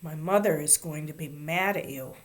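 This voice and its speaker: A woman's voice: sits low, moderate pace, natural voice. A woman voicing a shy little boy who talks in an earnest, reproachful way.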